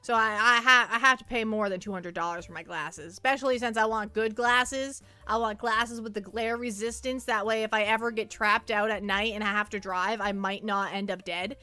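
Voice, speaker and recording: A woman's voice: mid-range voice, steady tone, normal speed, few pauses, sharp tone, smooth, no echo, soft background music. A young woman streaming casually, rambling and stammering with many repeated words. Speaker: virtual streamer. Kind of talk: casual livestream chat.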